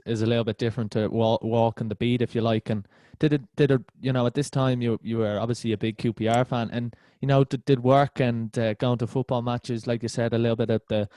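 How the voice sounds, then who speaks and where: Male podcast host, warm dry voice, hesitant questions with restarts. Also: medium pitch, no room sound. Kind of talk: interview questions.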